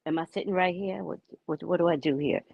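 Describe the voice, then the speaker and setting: An American woman hosting a casual livestream, talking to her chat in an animated way and laughing often. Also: fairly low pitch, fast, gravelly, husky, no echo, muffled recording. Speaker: livestream host.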